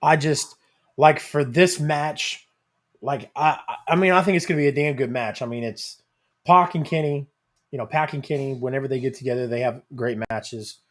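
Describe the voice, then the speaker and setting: A man, a father, co-hosting a podcast in casual chat, talking in halting starts with many fillers. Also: medium pitch. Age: adult. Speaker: podcast co-host.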